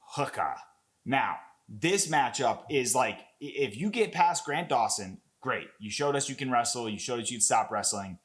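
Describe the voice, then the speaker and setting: Profane, excitable young man breaking down fights. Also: medium pitch. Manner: excited, profane, rambling with restarts. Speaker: MMA commentator. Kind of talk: casual breakdown video.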